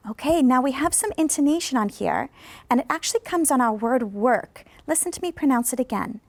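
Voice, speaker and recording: Gravelly-voiced woman teaching pronunciation. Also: high-pitched, lively intonation. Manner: slow, exaggerated model sentences for students to repeat; patient, instructive. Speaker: ESL pronunciation professor. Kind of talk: classroom video lesson. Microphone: studio microphone.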